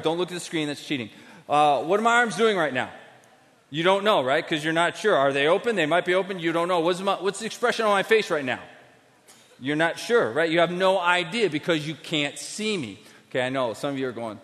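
A man preaching a sermon to a crowd, with a volunteer on stage, talking directly and animatedly, going from quiet asides to emphatic declarations. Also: a little high. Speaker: pastor. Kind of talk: sermon with live demonstration. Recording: long hall reverb.

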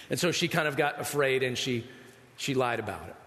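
A man's voice: medium pitch, fairly quick, a bit bright. A male pastor preaching a sermon in a conversational way, often asking the listeners rhetorical questions. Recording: reverberant hall.

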